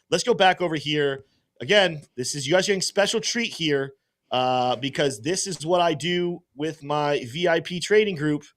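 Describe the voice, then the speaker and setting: A man's voice: on the high side, fairly bright tone. A man hosting a casual livestream, thinking aloud and rambling as he works through things. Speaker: host and trader.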